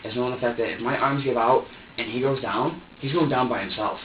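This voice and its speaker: A man with a mid-range voice talks a little fast as detectives interrogate him, telling his story in a rambling, repetitive way and reenacting what he said. A far-off room camera records him, giving a dull, echoey sound with slight background noise.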